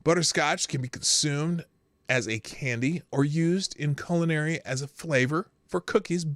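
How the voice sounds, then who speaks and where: A man's voice: fairly high pitch, moderate pace, fairly bright tone, dry recording. A middle-aged man hosting a live morning show, rambling and joking and often stumbling over his words. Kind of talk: casual live commentary.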